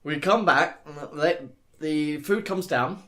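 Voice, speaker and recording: A man's voice: fairly high pitch, takes it slowly, fairly bright tone. A young man co-hosting a podcast, telling a story in casual, sweary banter full of fillers. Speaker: podcast co-host.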